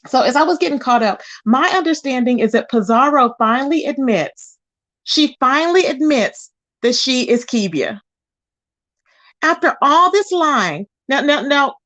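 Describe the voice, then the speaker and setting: A woman's voice: high voice, lively intonation, moderate pace, fairly bright tone. A woman hosting a casual livestream, chatting straight to her viewers and calling them "y'all" and "child". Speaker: livestream host.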